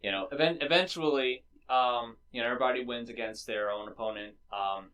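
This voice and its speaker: A man's voice: mid-range voice, a little fast, a bit bright. A man co-hosting a casual movie podcast, laid-back and agreeable, filling in with lots of "you know". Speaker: podcast co-host.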